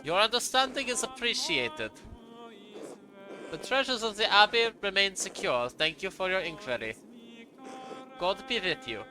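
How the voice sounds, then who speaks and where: A man's voice: high-pitched, sing-song, normal speed, long pauses, pitched above the performer's own voice. A man voicing a stern, pious middle-aged male monk with a mock German accent, formal and stiffly polite, in a noisy home recording.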